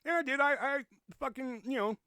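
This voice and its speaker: A young man hosting a podcast, telling a story as a profane, ranting monologue and jumping up in pitch when he quotes himself. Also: brisk, smooth, dry recording, studio quality. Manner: animated, jumps high when quoting himself. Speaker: podcast host. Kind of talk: casual monologue.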